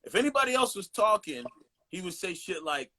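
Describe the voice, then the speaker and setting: A podcast guest in his forties tells loose, profane stories packed with animation and impressions in an easygoing, casual chat. His voice is bright and forceful, a bit high for a man, swinging widely in pitch at a fairly quick pace.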